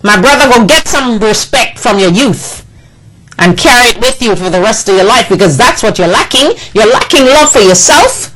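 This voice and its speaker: A woman's voice: on the high side, lively intonation, moderate pace, a bit bright, slight background noise, poor audio. A woman delivering an impassioned political monologue, indignant and scolding, with emphatic repetition. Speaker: political commentator.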